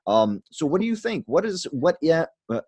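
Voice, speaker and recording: A man's voice: fairly high pitch, very animated, normal speed, a little mellow, husky, no echo. A man hosting a podcast in casual conversation, rambling with frequent restarts and fillers. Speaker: podcast host.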